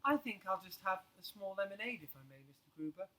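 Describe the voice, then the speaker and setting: Storybook casting: man playing a polite, earnest little bear, bright, lively delivery. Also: high voice, fast, a little hiss or hum, exaggerated voice, rough recording. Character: polite young male bear.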